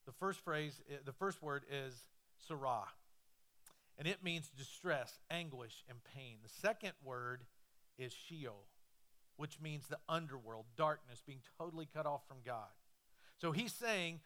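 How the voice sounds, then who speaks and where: A male pastor preaching a sermon, swinging between loud, animated stretches and hushed, slow ones. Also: a little high.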